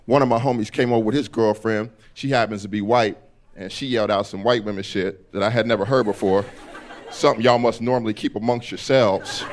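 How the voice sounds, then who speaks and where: A man's voice: lowish voice, brisk. A man performing a stand-up comedy set on a club stage, telling stories animatedly and acting out characters. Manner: animated storytelling, acts out characters in quotes.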